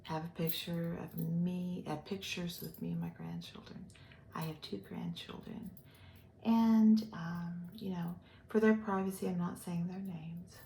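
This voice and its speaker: An older woman from the Gulf Coast of Texas, rambling through a personal vlog with many pauses and fillers. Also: on the low side, fairly even intonation, warm tone, roomy sound, a little hiss or hum. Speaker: vlogger.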